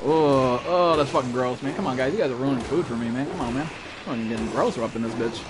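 A male gaming streamer riffing live with viewers, loose and profane, tossing "bro" and "dude" into everything. His voice sits at an ordinary middle pitch. A steady wash of noise runs under the recording. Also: fast. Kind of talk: casual live-stream commentary.

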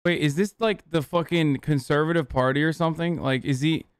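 A man streaming a casual reaction, talking in a profane, sarcastic, rapid-fire way into a close desk mic. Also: on the high side, fairly even intonation, smooth, no echo.

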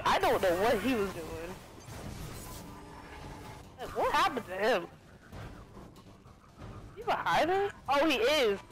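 Excitable high-voiced young woman gamer. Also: rough recording. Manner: excitable, laughing, frequent exclamations. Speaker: gaming video creator. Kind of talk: live gameplay commentary.

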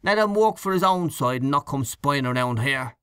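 A man's voice: mid-range voice, lively intonation, moderate pace, a bit bright, clear, resonant tone, dry recording, clean studio sound, natural voice. A man reading an audiobook, voicing a grudging old male caretaker.

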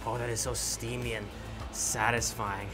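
Male travel food host, excitable and effusive, mid-pitched voice. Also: normal speed, music in the background. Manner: exclamatory, gushing over food; mixes English with simple Mandarin. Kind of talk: enthusiastic food vlog with voice-over narration.

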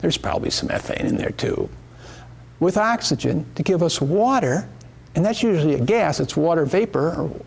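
A man's voice: a little high, lively intonation, moderate pace, creaky, darkish tone, breathy edge. A middle-aged man joking with helpers as he gives a chemistry demonstration in a classroom. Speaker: chemistry teacher. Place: classroom or lecture hall.

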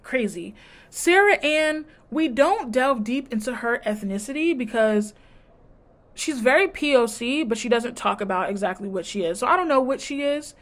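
A woman's voice: fairly high pitch, lively intonation, moderate pace. A woman vlogger giving a casual, sassy and blunt recap of a reality TV show, mimicking the cast as she goes. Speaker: TV review vlogger.

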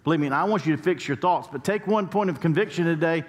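A man's voice: on the high side, fast. A male pastor preaching a sermon, telling stories and building to emphatic points. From United States. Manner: storytelling preacher, rising to emphatic peaks. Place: church sanctuary. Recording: long church hall reverb.

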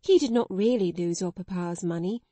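A woman plays a kind storybook mother who comforts a child. Her voice is mellow and dark, and she speaks slowly and soothingly in a dry, close sound. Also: on the low side, dry recording, lightly acted. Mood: tender. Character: gentle, motherly grown woman.

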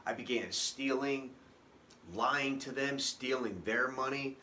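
A man telling his own life story unscripted, halting and emotional, with many restarts. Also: mid-range voice, bright, forceful tone, a little hiss or hum. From Boston area, US. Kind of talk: personal testimony, unscripted.

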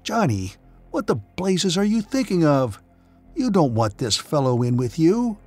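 A man voicing a stocky, red-faced young man who is hostile and suspicious, speaking in sharp, violent protests. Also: a little high, big pitch swings, normal speed, breathy edge, soft background music, exaggerated voice. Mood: angry.

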